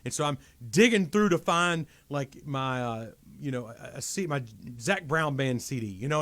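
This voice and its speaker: A man, a pastor guest on a podcast, telling a personal story in an animated, emphatic way that repeats and restarts phrases. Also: medium pitch, normal speed, hardly any pauses. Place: podcast studio.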